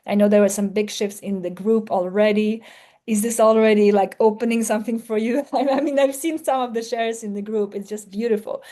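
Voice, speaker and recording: A woman's voice: medium pitch, fairly even intonation, normal speed, warm tone. A woman business coach giving a live talk to a group, earnest, often rephrasing herself mid-sentence and acting out her clients' worried thoughts.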